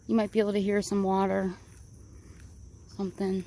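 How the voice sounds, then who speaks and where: Out on a wooded park trail, a woman narrates a casual walking vlog, brisk yet prone to long pauses, her medium-pitched voice gravelly and a little out of breath. She rambles excitedly while crickets and faint noise hum in the background.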